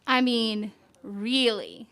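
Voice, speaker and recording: A woman reading a picture book aloud to children at a church service, gently asking them questions as she goes. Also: on the high side, very slow, creaky. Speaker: children's story reader.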